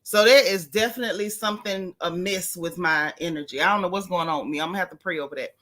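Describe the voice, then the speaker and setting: A woman's voice: lowish voice, quick pace, a bit bright. A woman hosting a casual live stream, chatting and greeting viewers by name with down-home slang.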